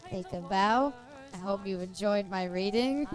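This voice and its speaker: A woman's voice: mid-range voice, unhurried, soft background music. Giggly woman streamer. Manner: giggly, joking. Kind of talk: casual chat while reading in-game book.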